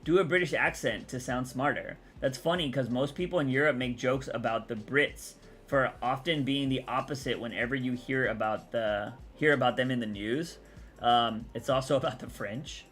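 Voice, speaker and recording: A young man from Texas, chatting casually on a livestream, rambling and answering chat out loud. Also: medium pitch, moderate pace, faint music behind.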